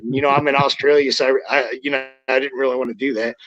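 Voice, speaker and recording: A man's voice: mid-range voice, little pitch movement, rapid-fire, fairly bright tone. A middle-aged man, a former wrestler, telling stories in a casual interview, blunt and profane, rambling with restarts. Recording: lo-fi muffled audio.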